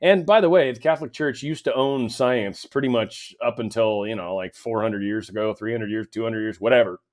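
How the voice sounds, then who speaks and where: A man's voice: on the low side, fairly quick. A man hosting a casual political commentary show, rambling and sarcastic, with mocking asides.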